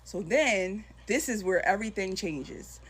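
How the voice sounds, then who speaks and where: Woman storyteller, lively and colloquial, mid-pitched, acts out quotes. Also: measured pace, husky. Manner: animated, acts out dialogue, colloquial. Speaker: storytime creator. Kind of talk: casual storytelling to camera.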